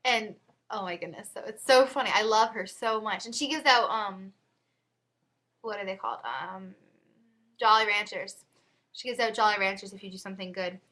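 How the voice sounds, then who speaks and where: Bright, chatty teenage girl on webcam. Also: mid-range voice, moderate pace, pauses often. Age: teens. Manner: chatty and giggly, full of asides. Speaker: vlogger. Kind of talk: casual webcam chat. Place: home.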